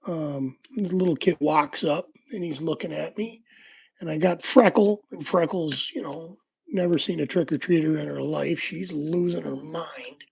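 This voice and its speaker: A man hosting a laid-back livestream, talking to his viewers while he works on a lock. His voice is gravelly and quite husky, and he rambles through stories with plenty of ums and likes. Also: sits high, warm tone. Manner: rambling, laid-back storytelling with frequent fillers. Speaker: livestream host. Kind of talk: casual livestream chat while lockpicking.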